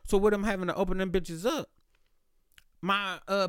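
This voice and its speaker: A male podcast host tells a story casually and with plenty of profanity, acting out both sides of the exchange. His voice sits a little high and sounds smooth and resonant. The recording is dry and close. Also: fairly even intonation, moderate pace, dry recording.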